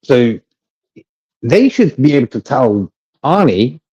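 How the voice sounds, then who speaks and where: Guy rambling on a fan stream, mellow voice, muffled lo-fi sound, keeps repeating himself. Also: medium pitch, very animated, slow pace, slightly rough. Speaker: co-host of a fan livestream. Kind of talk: casual chat.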